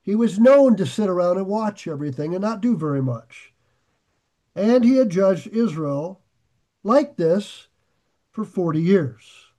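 A man with a high voice leads a verse-by-verse Bible study. He reads scripture aloud and then drifts into friendly, animated asides, getting lit up and loud when excited. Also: a little slow. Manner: animated, gets excited and raises his voice. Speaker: Bible teacher.

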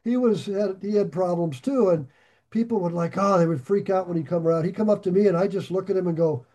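Leading a Bible study, a man tells a rambling anecdote and chuckles as he goes. He talks fast, in a fairly high voice that still sounds mellow and warm.

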